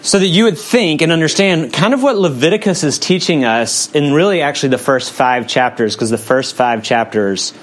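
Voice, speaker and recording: A man's voice: fairly high pitch, lively intonation, normal speed, hardly any pauses. A man in his forties, a pastor preaching a sermon in a conversational way, often hedging with "kind of" and "um".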